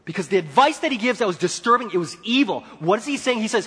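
A man preaching a sermon as pastor, swinging between loud and hushed delivery. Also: high voice, expressive, fast, few pauses, husky. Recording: long reverb in a large hall.

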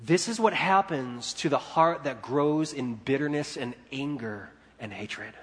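A man preaching a sermon as pastor, swinging between loud and hushed delivery. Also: medium pitch, expressive, unhurried, husky. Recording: long reverb in a large hall.

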